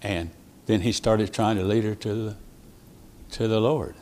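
A man preaching a sermon as a traveling preacher, telling stories with quoted dialogue and sudden loud rises and soft drops. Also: fairly low pitch, steady tone, measured pace, a little hiss or hum.

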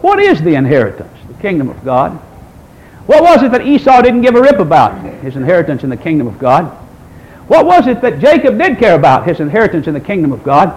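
A man's voice: on the high side, big pitch swings, fast talker, a little mellow, rough recording. A man in his sixties preaching a sermon, quoting scripture and asking the congregation rhetorical questions in an emphatic way. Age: 60s. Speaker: pastor.

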